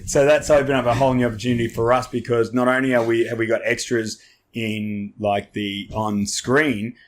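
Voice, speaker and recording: A man's voice: mid-range voice, little pitch movement, moderate pace. A man with an Australian accent, a podcast guest telling stories in a loose, rambling way, swearing freely and restarting often. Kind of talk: casual storytelling chat.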